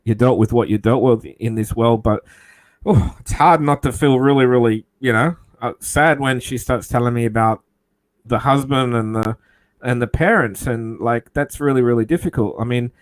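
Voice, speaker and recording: Man, host, casual chat, rambling, heartfelt, medium pitch. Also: moderate pace. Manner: rambling, heartfelt, thinks aloud.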